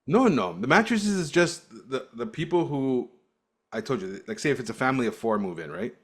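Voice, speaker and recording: A man's voice: mid-range voice, lively intonation, brisk, fairly bright tone, slightly rough. A man co-hosting a podcast, telling stories in casual chat with frequent laughter and restarts, from Cyprus. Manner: storytelling, laughs often, restarts. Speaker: podcast co-host.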